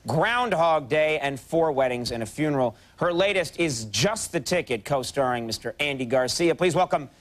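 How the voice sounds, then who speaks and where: A man in his thirties runs a late-night talk show interview with a fairly high, light voice. He jokes and teases his guest, slipping in mock-innocent asides. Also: expressive, a little hiss or hum. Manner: quick, joking banter with mock-innocent asides. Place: television studio with live audience.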